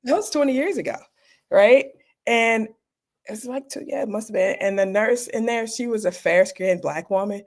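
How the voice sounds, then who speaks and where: A woman's voice: a little high, moderate pace. A middle-aged woman doctor, a guest in an interview, telling personal stories candidly and acting out the people she quotes.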